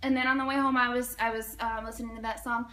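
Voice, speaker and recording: A young woman in her twenties telling a personal story in an animated, dramatic way, using "like" often. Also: fairly high pitch, quick pace. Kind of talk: casual personal anecdote.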